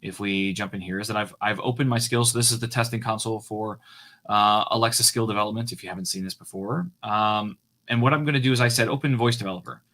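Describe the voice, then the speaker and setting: A man's voice: fairly low pitch, steady tone, fast, pushed and bright. Casual man explaining his code. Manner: casual, hesitant, many fillers and restarts. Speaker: live coding streamer. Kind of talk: live coding walkthrough.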